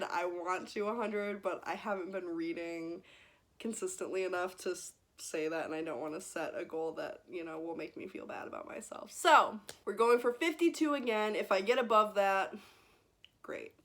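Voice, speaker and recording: A young woman in her twenties chatting casually in a book vlog, gushing and emotional, laughing often and close to tears. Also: mid-range voice. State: teary, close to crying. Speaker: book vlogger.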